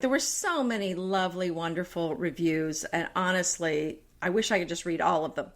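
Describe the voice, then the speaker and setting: A woman's voice: lowish voice, normal speed. A woman co-hosting a home decorating podcast, chatting casually and reading out listener reviews in a bubbly way. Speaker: podcast co-host. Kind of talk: casual chat.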